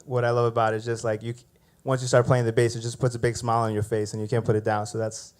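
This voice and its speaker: A man on stage at an open mic, chatting loosely between numbers. He laughs often, fills pauses with "uh" and "you know", and sounds a touch out of breath. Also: medium pitch, clean tone. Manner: laughing, relaxed, rambling with fillers. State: catching his breath. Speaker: open mic bass player. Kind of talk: casual chat between songs.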